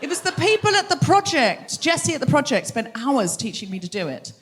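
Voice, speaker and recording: A woman's voice: sits high, big pitch swings, background noise. Teasing woman working a live crowd. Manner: teasing, quick banter with the audience. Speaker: comedy podcast host. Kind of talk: live stand-up style crowd work. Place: theatre stage before a live audience.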